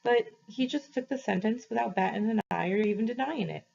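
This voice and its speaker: A woman's voice: fairly high pitch, a little fast, creaky, a little mellow, pitched above the performer's own voice. Female reader doing a guilt-ridden teen boy; tremulous, earnest, storybook read-aloud, dull lo-fi sound. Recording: slightly muffled, dull recording.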